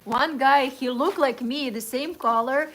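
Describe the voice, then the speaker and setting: A young woman with a Russian accent chats loosely on a livestream. Her English is halting and broken, dotted with "uh" pauses and easy laughs. Faint noise hums in the background. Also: high-pitched, a bit bright. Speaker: co-host of a livestream. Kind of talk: casual livestream chat.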